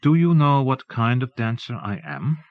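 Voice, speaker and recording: A man's voice: mid-range voice, expressive, normal speed, no room sound, lo-fi sound, pitched above the performer's own voice, lightly acted. A man reading the lines of a wry, guarded Russian immigrant woman in an audiobook.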